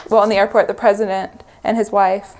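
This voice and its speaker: A woman's voice: mid-range voice, level tone, brisk, darkish tone. A woman in an interview recounting a long journey, chatting and laughing lightly as she goes. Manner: chatty, laughing between phrases. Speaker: interviewee recalling mission travel. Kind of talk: recorded interview storytelling.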